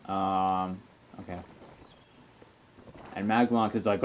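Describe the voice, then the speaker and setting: A man's voice: low-pitched, little pitch movement, measured pace, pauses often, soft background music. A man giving casual, rambling commentary while playing a video game, with frequent fillers and asides. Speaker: let's play commentator.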